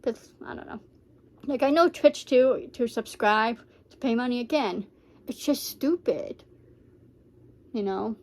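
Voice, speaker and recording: A woman's voice: fairly high pitch, measured pace, pauses often. A woman vlogger rambling heartfelt reaction commentary, full of fillers.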